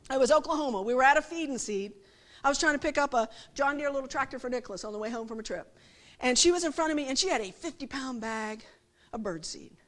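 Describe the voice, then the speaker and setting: A woman's voice: high voice, fairly bright tone. A middle-aged woman giving a conversational sermon, often checking that listeners follow her with rhetorical questions. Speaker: preacher.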